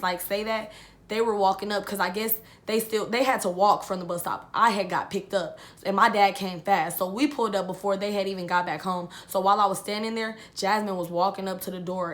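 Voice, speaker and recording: A woman's voice: medium pitch, fairly even intonation, a little fast. A young woman vlogger telling a personal story in a chatty way, repeating herself and calling her viewers "y'all". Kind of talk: casual storytelling.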